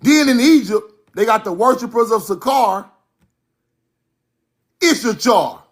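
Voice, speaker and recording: Slow, emphatic man lecturing over slides. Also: extremely high pitch, animated. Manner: emphatic, repeats points, directs slides.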